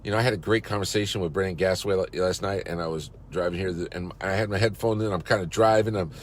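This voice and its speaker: A man's voice: low-pitched, fairly even intonation, fast, slight background noise. A company CEO, a man, giving a fired-up, salesy pep talk on a live social-media broadcast, outdoors in a park.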